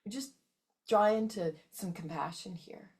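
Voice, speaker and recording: A woman's voice: medium pitch, measured pace, a little mellow. A woman hosting a motivational wellness talk, emphatic and often checking in with her listeners. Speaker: wellness coach and host.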